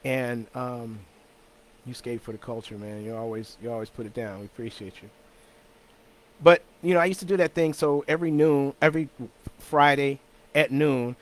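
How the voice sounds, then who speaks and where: Male host, solo talk show, mid-pitched, casual and loose, restarts sentences often. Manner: rambling, easygoing, repeats words and restarts often; chuckles between thoughts. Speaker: host of a weekly talk stream.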